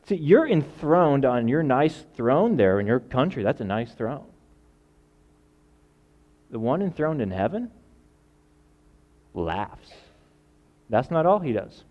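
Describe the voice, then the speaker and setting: A man's voice: medium pitch, big pitch swings, slow pace, pauses often, lo-fi sound. Man preaching with dramatic swings. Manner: dramatic, acts out quoted voices, swings from loud to quiet. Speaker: pastor. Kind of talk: sermon.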